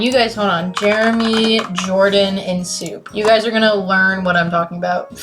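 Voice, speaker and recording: A teenage woman streaming, chatting casually and excitably, cursing often and swinging from loud outbursts to mumbles. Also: mid-range voice, moderate pace, music in the background. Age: late teens. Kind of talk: casual chat.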